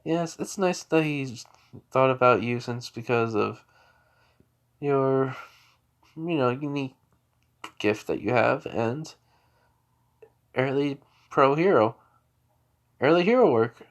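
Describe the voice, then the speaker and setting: A man's voice: mid-range voice, takes it slowly, pauses often. A man doing a reassuring middle-aged mom. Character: kindly middle-aged mother, warm, reassuring.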